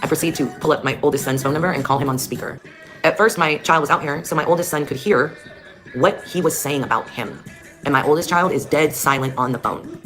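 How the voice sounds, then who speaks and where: A low-pitched woman with a fairly bright tone talks a little fast, telling her own story of motherhood. She's heated and blunt, cursing heavily over clear background music.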